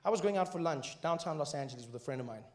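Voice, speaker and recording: A man in his thirties with a South African accent, performing stand-up comedy and telling stories in an animated way that rises to loud punchlines. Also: on the high side, racing, background noise.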